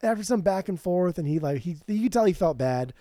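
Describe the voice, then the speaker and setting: A man with a mellow, slightly higher-than-usual voice tells a story in a casual, animated way and swears freely. He sounds like a podcast co-host chatting with a friend. The recording is dry and close. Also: fast, no echo. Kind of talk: casual chat.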